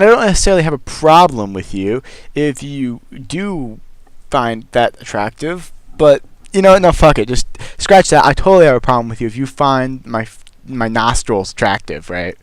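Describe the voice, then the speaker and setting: A man's voice: mid-range voice, normal speed, clean tone, dry recording. A young man telling a funny personal story in a casual, exasperated way, swearing freely and acting out what people said. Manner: animated, exasperated, profane, acts out quotes.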